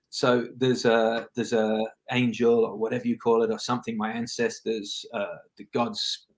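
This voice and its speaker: A man speaking as a film director guest in a casual interview, reflective and rambling, often restarting his sentences. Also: lowish voice.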